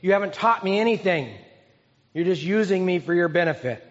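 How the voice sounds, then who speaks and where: A man's voice: high-pitched, lively intonation, brisk. A man preaching voices a frustrated, angry teenage boy in indignant outbursts. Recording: echoey hall, dull sound.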